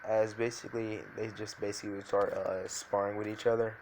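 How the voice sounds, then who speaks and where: Male narrator, lowish voice, loose off-the-cuff storytelling full of fillers. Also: flat delivery, a little fast, darkish tone, a little hiss or hum. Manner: rambling, filler-heavy, frequent restarts. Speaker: fan fiction storyteller.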